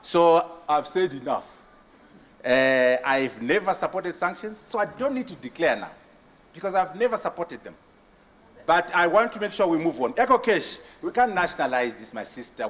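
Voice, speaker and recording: A Zimbabwean man giving a conference keynote and answering questions, emphatic and forceful, with repetition and rhetorical questions. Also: fairly high pitch. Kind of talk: impassioned conference speech. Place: large conference hall. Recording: long hall reverb.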